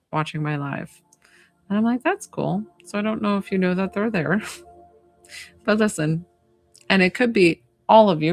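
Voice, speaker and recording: Chatty gravelly woman live-streaming. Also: lowish voice. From United States. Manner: chatty, giggly, lots of fillers. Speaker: psychic medium hosting a live stream. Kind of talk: casual live-stream chat.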